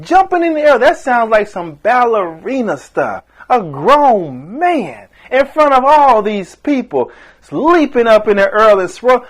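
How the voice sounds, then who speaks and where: Impassioned man preaching, fairly high voice. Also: big pitch swings, unhurried. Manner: impassioned, rising and falling emphasis with acted-out quotes. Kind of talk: sermon.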